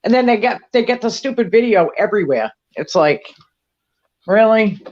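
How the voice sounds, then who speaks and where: A woman's voice: mid-range voice, lively intonation, brisk, a little mellow, no room sound, highs cut off. A woman from New Hampshire with a strong Boston accent, chatting casually and bluntly. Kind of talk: casual chat.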